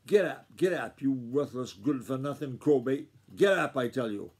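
A man reading aloud and voicing a stingy, quick-tempered old farmer grandfather who snaps and bellows. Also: fairly even intonation, a little mellow, lightly acted. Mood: yelling. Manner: snapping, bellowing in a high strained voice.

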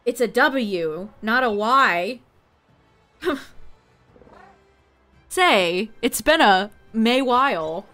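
A woman's voice: on the high side, lively intonation, very slow, pauses often, pushed and bright, faint music behind. A woman streaming to her chat, laughing and teasing as she repeats words in mock disbelief. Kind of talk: casual live-stream chat.

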